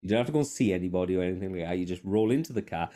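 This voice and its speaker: A man's voice: deep voice, very fast. A man co-hosting a podcast, telling stories in a casual chat, swearing freely and poking fun at himself. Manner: sweary, animated, self-mocking. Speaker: podcast host. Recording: podcast microphone.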